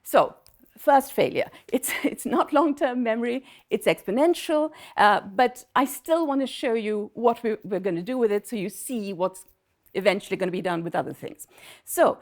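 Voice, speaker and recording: Lady prof talking through a science talk, kinda high voice, lots of ums and "okay?". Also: expressive, normal speed. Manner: conversational, many fillers and self-interruptions, checks in with "okay?" and "yeah?". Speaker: visiting professor giving a conference talk. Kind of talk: academic conference lecture.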